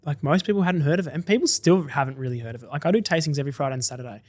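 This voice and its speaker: A man's voice: fairly high pitch, darkish tone, dry recording. A man, a drinks company founder talking through his business in a casual, enthusiastic podcast interview. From Australia. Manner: chatty, quick and enthusiastic.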